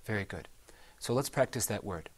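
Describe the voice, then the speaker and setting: A patient, encouraging man leads a recitation lesson. He quizzes his students, praises them warmly when they answer right and says each word slowly so they can repeat it. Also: fairly low pitch, expressive, slightly rough. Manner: patient, encouraging, models pronunciation slowly for repetition. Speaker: Quran recitation teacher. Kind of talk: classroom tajweed lesson.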